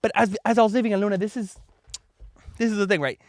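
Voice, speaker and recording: A man hosting a podcast, telling a story to his daughter in a chatty, animated way, full of "like" and "right?", and acting out the voices of the people in it. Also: high-pitched, quick pace, dry recording, clean studio sound. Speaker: podcast host.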